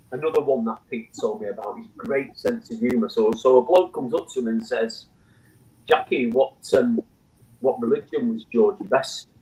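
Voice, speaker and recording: A man talks on a casual panel discussion as a guest. His voice sits at an ordinary middle pitch. He tells stories eagerly, reads quotes aloud and restarts his sentences often. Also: a bit bright, poor audio. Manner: enthusiastic storyteller who reads quotes aloud with frequent restarts. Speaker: guest, memorial foundation chairman.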